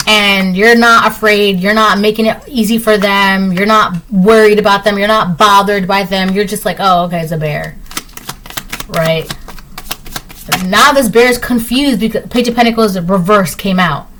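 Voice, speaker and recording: A woman's voice: medium pitch, steady tone, moderate pace, a bit bright, slight background noise, low-quality recording. A woman giving a casual tarot reading to her viewers. She repeats herself often and keeps checking in with "right?". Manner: acts out little voices in her examples. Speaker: tarot reader.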